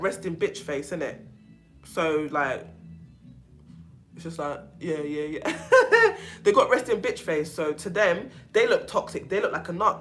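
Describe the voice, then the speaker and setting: An outspoken woman with a London accent talks straight to her livestream viewers in a middle-range voice. She is animated and blunt, laughs easily and drops slang as she reacts to comments. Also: medium pitch. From England. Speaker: YouTube livestream host. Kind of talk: casual livestream chat reading viewer comments.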